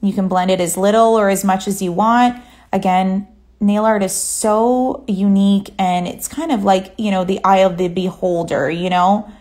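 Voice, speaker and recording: A woman giving a relaxed, chatty step-by-step nail art tutorial. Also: medium pitch, normal speed. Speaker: nail artist.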